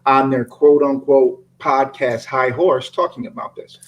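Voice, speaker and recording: A man's voice: medium pitch, steady tone, unhurried, poor audio. A man co-hosting a podcast, speaking in an earnest, affirming, explanatory way in casual conversation. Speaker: podcast co-host.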